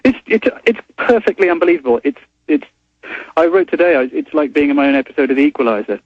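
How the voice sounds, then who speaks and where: A man's voice: fairly high pitch, lively intonation, rapid-fire, no echo. Stammering Englishman on a phone line. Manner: hesitant, polite, stammering restarts. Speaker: journalist calling in as guest. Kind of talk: phone-in interview. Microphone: telephone.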